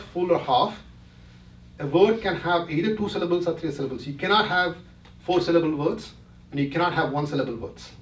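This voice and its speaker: A man giving a talk to a retreat audience, explaining step by step and often checking that listeners follow along. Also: a little high. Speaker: presenter. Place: retreat hall. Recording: roomy hall, mic from a distance.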